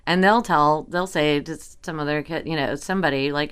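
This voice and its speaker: Low-voiced Brooklyn-raised woman. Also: moderate pace, smooth. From Brooklyn, New York. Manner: animated storyteller, acts out quotes. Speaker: podcast co-host. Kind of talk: casual chat.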